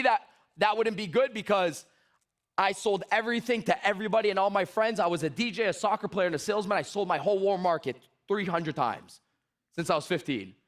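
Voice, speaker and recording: High-pitched guy hyping up a sales crowd on stage, acts out little dialogues. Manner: animated storytelling, acts out dialogues. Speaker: motivational sales speaker. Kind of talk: energetic stage talk.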